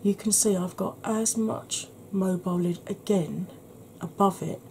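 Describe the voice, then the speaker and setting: A woman with a slightly husky voice, giving a soft-spoken ASMR makeup tutorial in a chatty, explanatory way. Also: medium pitch, fairly even intonation, a little slow, a little hiss or hum.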